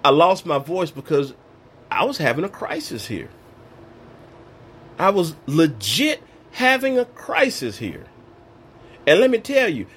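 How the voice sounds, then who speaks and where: Animated man in heartfelt faith testimony. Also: mid-range voice. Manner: animated, questioning, acts out dialogue in voices. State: voice strained, recently lost. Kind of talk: emotional personal testimony.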